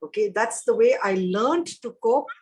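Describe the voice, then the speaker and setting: A woman in her fifties with a slightly raised pitch talks openly as an interview guest. She speaks frankly and reflectively and repeats phrases to drive a point home. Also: animated, normal speed, darkish tone, rough recording. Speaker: guest, actor and mother. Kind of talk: candid interview conversation.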